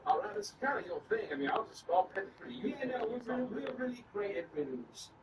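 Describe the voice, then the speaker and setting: A man's voice: high voice, big pitch swings, fast talker, reverberant. A man playing in a tabletop game, playful and laughing as he rambles in character. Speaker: player. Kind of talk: casual tabletop role-play. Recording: noisy, far from the mic.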